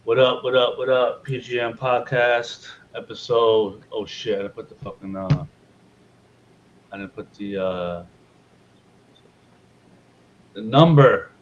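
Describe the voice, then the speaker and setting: A man's voice: medium pitch, fairly even intonation, unhurried, highs cut off, a little hiss or hum. A man hosting a podcast in loose, joking casual chat, swearing freely. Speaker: podcast host.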